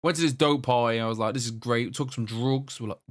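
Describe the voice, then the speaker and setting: A young English man co-hosting a podcast, telling stories in a lively, casual way and acting out the lines of the people in them. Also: medium pitch, fast talker. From England. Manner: animated storyteller, acts out quoted lines. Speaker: podcast co-host. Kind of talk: casual chat.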